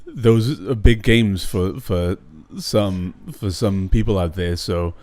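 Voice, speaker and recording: Lower-voiced young man ranting bluntly. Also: takes it slowly, darkish tone, no room sound. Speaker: podcast co-host. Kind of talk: casual chat.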